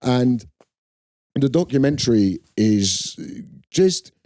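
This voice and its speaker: A man in his thirties co-hosting a casual comedy podcast, telling animated stories and slipping into mocking voices. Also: mid-range voice, slow pace, no room sound, clean studio sound. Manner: animated storyteller, slips into mocking impressions. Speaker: podcast co-host.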